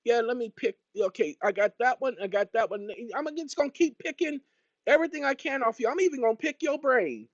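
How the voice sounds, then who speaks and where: A man's voice: very high-pitched, expressive, fairly quick, no room sound, lo-fi sound, pitched above the performer's own voice, full character voice. A man voicing a pushy, grabby nitpicker who calls someone over and picks at everything.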